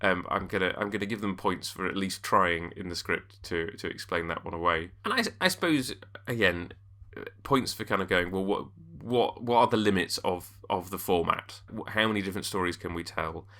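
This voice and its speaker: Low bright-toned guy hosting a podcast, rambly and thinking out loud. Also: fairly quick. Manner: thoughtful, rambling with restarts. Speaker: podcast host. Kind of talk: podcast commentary.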